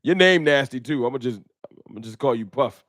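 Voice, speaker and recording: The host, a man with a mid-range voice, talks fairly quickly into a close mic with no room sound. He runs a casual fan talk livestream, arguing his points in an animated, emphatic, slangy way and repeating himself often.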